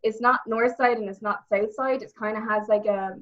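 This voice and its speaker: A young woman with a Dublin Irish accent, a guest telling lively stories in a casual interview. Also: fairly high pitch, moderate pace. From Ireland. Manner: animated storytelling, repeats words, acts out quotes. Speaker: interview guest, former wrestler and actress. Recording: muffled lo-fi audio.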